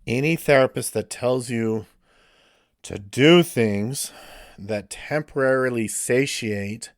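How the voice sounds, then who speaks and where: A man's voice: medium pitch, no room sound, studio quality. A male counselor giving a blunt, ranting podcast monologue and swearing freely.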